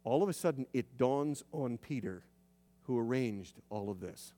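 Storytelling preacher in a reverberant hall. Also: male voice, medium pitch, lively intonation, dark tone. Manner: conversational storytelling, dramatic slowdowns. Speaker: pastor. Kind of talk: sermon. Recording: long reverb of a large hall.

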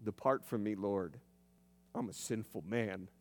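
A preacher speaking as a plainspoken fisherman in a lowered, hushed voice. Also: lively intonation, moderate pace, close to an everyday voice. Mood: awed. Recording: long reverb of a large hall.

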